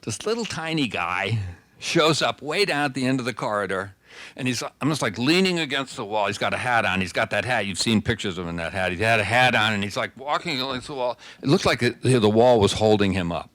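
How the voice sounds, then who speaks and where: A man's voice: mid-range voice, animated, brisk, a bit bright, dry recording. An older man telling stories as a guest speaker, chatty and conversational, often restarting his sentences. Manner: conversational storyteller, frequent restarts. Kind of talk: anecdotal talk.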